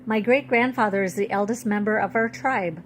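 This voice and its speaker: A woman author reads her own storybook aloud, steady and clear. Her voice sits at a medium pitch. A faint hiss of noise runs under her reading. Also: moderate pace.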